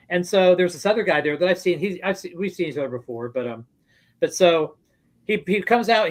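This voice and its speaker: Fast-talking high-voiced male host. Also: poor audio. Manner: rambling, restarts often, swears freely. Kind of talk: casual chat, storytelling.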